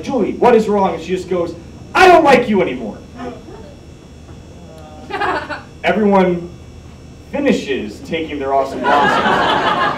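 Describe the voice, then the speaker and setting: A young man telling a comic story on stage, self-mocking and animated, acting out what people said. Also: a little high, slight background noise. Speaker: live storyteller. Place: large hall with live audience. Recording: echoey hall, mic at a distance, audience heard.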